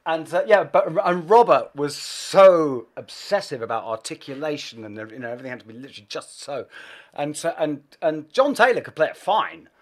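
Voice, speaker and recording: A middle-aged man with an English accent tells tales from his music career in a relaxed interview. His voice sits a little high for a man and swings widely in pitch, and laughter slips in between phrases. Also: a little fast. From England. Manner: animated anecdotal storytelling, laughing between phrases. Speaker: bass player guest. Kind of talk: casual interview storytelling.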